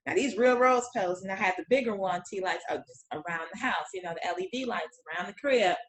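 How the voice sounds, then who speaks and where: A woman guest in casual chat, telling a lively story, acting out quotes and laughing often. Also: medium pitch, quick pace, roomy sound, poor audio.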